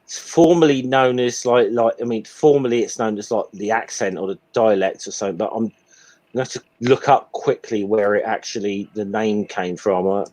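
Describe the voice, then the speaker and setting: A man's voice: on the low side, fairly even intonation, moderate pace, darkish tone. A man in casual group chat on a stream, talking hesitantly with many ums and restarts. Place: Hampshire home, voice call.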